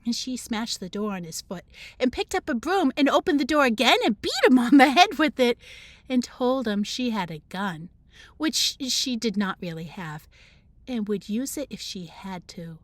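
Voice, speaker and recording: Expressive woman reading a children's book. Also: fairly high pitch, moderate pace, no room sound. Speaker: teacher. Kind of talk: reading a children's novel aloud.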